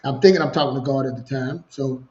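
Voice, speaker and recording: A man in his forties telling his own story in a casual, animated way, repeating himself and acting out the dialogue, over a video call. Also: mid-range voice, fast, reverberant, highs cut off. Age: 40s. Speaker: guest.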